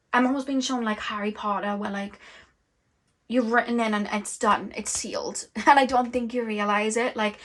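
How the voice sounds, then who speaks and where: Woman tarot reader, flat-toned. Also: mid-range voice. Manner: flowing, rambling, many fillers. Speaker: tarot reader and energy channeler. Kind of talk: intuitive tarot reading.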